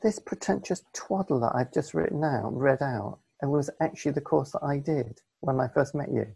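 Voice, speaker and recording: Gravelly, dry-humoured man. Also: mid-range voice, moderate pace, mellow, no room sound. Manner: dry, self-mocking, mock-pompous. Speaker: podcast co-host. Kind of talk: casual podcast banter. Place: home, on video call.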